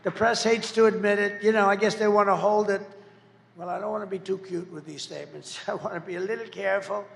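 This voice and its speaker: A man in his seventies giving a rambling, boastful campaign rally speech, repeating himself and breaking into shouts. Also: high voice, steady tone, fast talker, creaky, in a large hall. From United States. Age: 70s. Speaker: political candidate.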